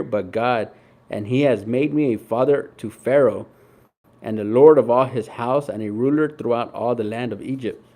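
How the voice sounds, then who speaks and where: Young man, Bible study teacher, reads verses then paraphrases them casually, dark mellow voice. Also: medium pitch.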